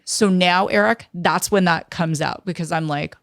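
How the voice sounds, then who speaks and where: A woman in her fifties, a guest in an interview, telling a lively story and acting out what others said. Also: lowish voice, unhurried, creaky, hardly any pauses, no room sound, clean studio sound. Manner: lively storyteller who acts out quoted dialogue. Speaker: interview guest, tech entrepreneur.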